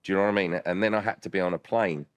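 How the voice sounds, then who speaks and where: A man's voice: sits low, fairly even intonation, racing, dry recording. A man speaking emphatically in a casual chat and repeating himself for stress.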